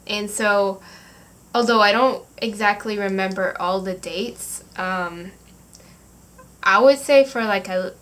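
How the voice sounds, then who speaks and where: A teenage girl chats her way through a storytime, relaxed and rambling. She giggles often and leans on lots of fillers as she goes. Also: medium pitch. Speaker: vlogger. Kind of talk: casual storytime.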